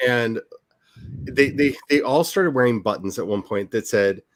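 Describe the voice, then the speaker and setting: A man's voice: mid-range voice, unhurried, no echo. Chatty man, dry close sound. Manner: chatty, hesitant restarts, animated storytelling. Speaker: author and channel host. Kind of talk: casual chat.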